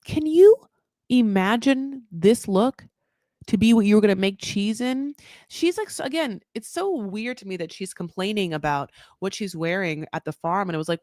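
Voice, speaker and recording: A woman hosting a casual TV recap, rambling with sarcastic, animated asides. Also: mid-range voice, moderate pace, dry recording, studio quality. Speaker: recap host.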